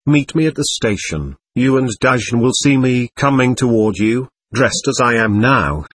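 A serene elderly guru speaks evenly and without hurry, read by a man in his own husky voice. The audiobook recording is close and dry. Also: mid-range voice, dry recording. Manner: calm, even and unhurried.

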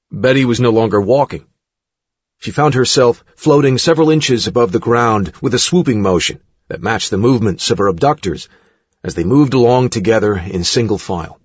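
A man narrating an audiobook in a measured, dramatic way. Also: medium pitch, breathy edge, dry recording. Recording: dull dry studio recording.

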